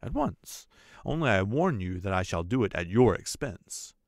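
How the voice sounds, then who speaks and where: A man doing a calm, clipped gentleman. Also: on the low side, moderate pace, no echo, studio quality. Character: calm, terse, precise English gentleman.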